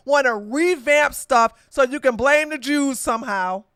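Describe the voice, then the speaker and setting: A woman's voice: sits high, measured pace, few pauses, fairly bright tone, clean tone, no room sound. A woman hosting a livestreamed political commentary podcast, talking in a combative, mocking way with frequent laughter. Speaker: podcast host.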